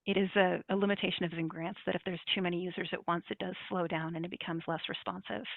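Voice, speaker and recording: A woman's voice: on the low side, flat delivery, fast talker, creaky, no echo. Woman presenting over a tinny line. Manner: practical, explanatory, with frequent fillers. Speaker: grant program presenter. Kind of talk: online info session presentation. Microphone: video call.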